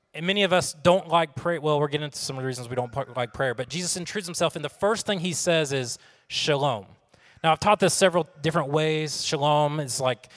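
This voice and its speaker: A man, preaching a conversational sermon to his congregation and asking them questions. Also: fairly high pitch. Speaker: pastor. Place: church sanctuary. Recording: long hall reverb.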